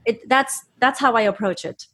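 A woman guest speaks with earnest enthusiasm in a slightly high voice. She often restarts her sentences as she speaks. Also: moderate pace, pushed and bright, breathy edge. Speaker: guest, health provider. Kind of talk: casual interview talk.

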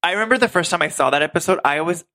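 A man's voice: a little high, very fast, bright, forceful tone. A man co-hosting a podcast, reacting enthusiastically in casual chat about a sitcom. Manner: enthusiastic reactions, short interjections. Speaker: podcast co-host.

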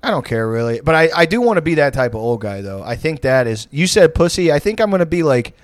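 A man's voice: on the high side, very animated, fast talker, dry recording. A young man co-hosting a podcast, telling profane, rambling comic stories and laughing often. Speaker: podcast co-host. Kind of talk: casual comedic storytelling.

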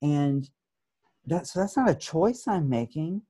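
A man's voice: fairly high pitch, sing-song, a little slow, mellow, husky, no echo. Man, therapist, interview answer, dry close recording, thoughtful, frequent restarts. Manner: thoughtful, many restarts, acts out examples. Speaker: addiction therapist.

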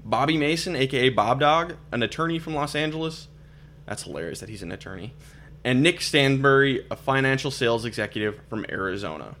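A man's voice: medium pitch, lively intonation, fairly quick, a bit bright. Young man, podcast host, loose rambling delivery. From Minnesota. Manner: chatty, rambling, many fillers and restarts. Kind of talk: casual podcast chat.

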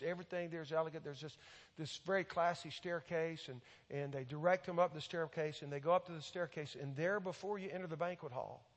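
A man preaching a sermon, telling a story and then pleading earnestly with the congregation. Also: fairly high pitch. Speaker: pastor. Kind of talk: sermon with a story and an altar call. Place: large auditorium. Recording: long hall reverb.

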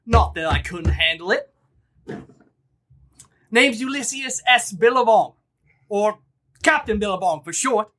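A man voicing a boastful male tree-creature ship captain with a loud, swaggering Australian accent. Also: sits high, animated, takes it slowly, pauses often, pitched above the performer's own voice, full character voice.

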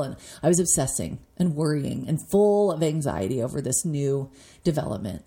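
A woman in her forties speaks earnestly, sharing scripture and her own story with a fairly low, mellow tone. Her voice rises and softens when she is moved. It is a devotional talk from a podcast host. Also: animated, normal speed. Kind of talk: devotional teaching and personal story.

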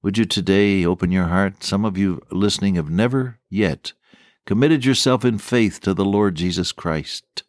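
A man's voice: low voice, normal speed, no echo, studio quality. An older man preaching a radio sermon, telling stories in a folksy, earnest way.

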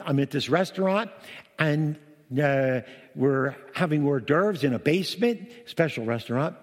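A man leading a Messianic congregation, giving a sermon in an animated, chatty storytelling manner with frequent restarts. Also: a little high. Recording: long hall reverb.

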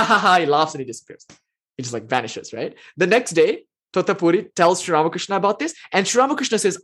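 A man's voice: on the high side, slightly rough. Man telling spiritual stories casually. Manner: conversational, often checks in with the listeners. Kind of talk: casual spiritual storytelling talk.

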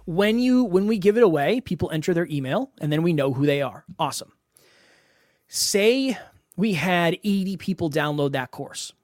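A man's voice: high-pitched, expressive, normal speed, dry recording. Emphatic man hosting a podcast. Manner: emphatic, repeats words for stress. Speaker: podcast host and coach. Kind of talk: solo podcast monologue.

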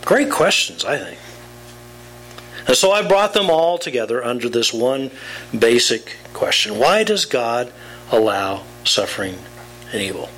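A man's voice: medium pitch, big pitch swings, unhurried, long pauses, a bit bright, slight background noise, low-quality recording. A man, a pastor, preaching a sermon with emphatic rhetorical questions.

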